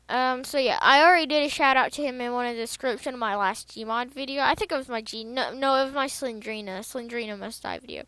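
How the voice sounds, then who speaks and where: A woman giving casual, rambling gameplay commentary, excitable and repeating herself as she figures things out. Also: on the high side, quick pace, few pauses, smooth, no echo. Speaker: gaming video creator. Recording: loud background noise over voice.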